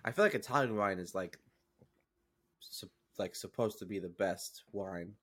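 Male podcast co-host, somewhat low voice, hesitant, rambling, defensive in banter. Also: normal speed, a bit bright, slightly rough. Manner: hesitant, many fillers and restarts, defensive. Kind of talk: casual chat.

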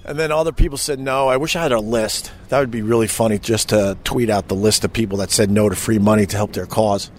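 A middle-aged man hosting a podcast, telling an old radio story in a profane, emotional, animated way. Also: mid-range voice, moderate pace, slight background noise. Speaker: podcast host and former radio host. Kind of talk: casual storytelling.

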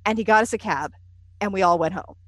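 Woman guest, anecdotal and chatty, middle pitch, dry close sound. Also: fast talker, dry recording. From United States. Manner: lively, self-deprecating storyteller with frequent "uh" and "you know". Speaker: interview guest. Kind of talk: conversational storytelling.

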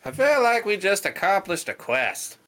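A man's voice: high voice, big pitch swings, normal speed, fairly bright tone. A man playing a character in a tabletop game, protesting his innocence when accused. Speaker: player.

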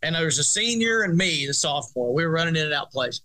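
This guest is a middle-aged high school football coach from Arkansas, USA, whose voice runs on the high side and whose pace is quick. Telling a story in an interview, he's animated, laughs throughout, and restarts again and again.

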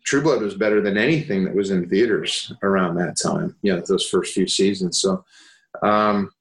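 A man's voice: sits low, normal speed, echoey room, rough recording. A man, an actor and guest, talking in a rambling, candid, self-deprecating way with casual swearing.

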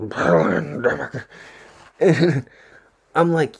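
Laid-back man with very lively pitch. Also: normal speed. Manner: profane, laid-back, surfer-style slang. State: slightly dry throat. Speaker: vlogger. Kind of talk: casual rambling monologue.

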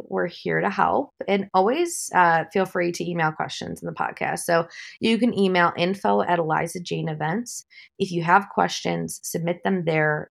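A woman wedding planner hosting her own podcast, giving calm, practical advice in a conversational way with the odd light laugh. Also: lowish voice, creaky. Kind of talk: solo podcast talk.

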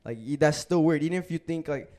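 A man's voice: fairly high pitch, quick pace, darkish tone. Slangy young man telling a story. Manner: loose storytelling, heavy slang and swearing. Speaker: podcast host. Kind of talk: casual chat.

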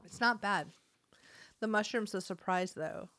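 A woman's voice: medium pitch, unhurried, fairly bright tone, no room sound. A mother co-hosting a casual chat, telling stories in a dry, matter-of-fact way. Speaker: co-host.

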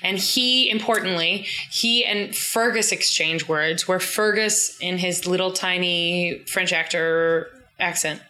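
Bright-voiced woman joking through a recap. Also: on the low side, rough recording. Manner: joking, profane, quick asides. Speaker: podcast co-host. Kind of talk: casual chat recapping a TV episode.

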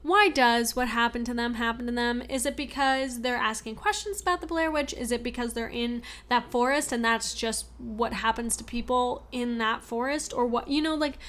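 A woman casually discussing a horror film, expressive and inquisitive. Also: on the high side, moderate pace, hardly any pauses. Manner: expressive, groans and asks questions.

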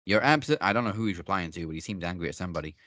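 A man with a low but bright, sharp voice reads and mocks posts in casual podcast chat. His delivery is dry and sarcastic, and the recording has no room echo. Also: expressive, very fast. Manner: dry, sarcastic reading of comments. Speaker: podcast co-host reading posts.

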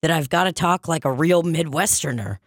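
A woman's voice: sits low, fairly quick, no echo. A woman playing a brash, bossy psychic with a put-on Long Island accent in an improvised comedy sketch, dry close recording. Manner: brassy, bossy, rambling.

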